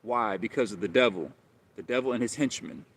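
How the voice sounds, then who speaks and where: A man's voice: lowish voice, brisk, fairly bright tone. A man hosting a live stream, talking casually and rambling, often repeating himself and calling listeners bro.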